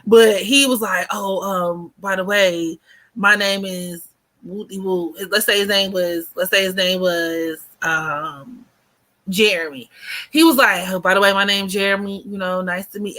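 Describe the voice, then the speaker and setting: A woman in her twenties chatting casually to her viewers and telling stories in an animated way, heavy on fillers. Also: medium pitch, a little slow. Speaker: vlogger. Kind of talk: casual storytime chat.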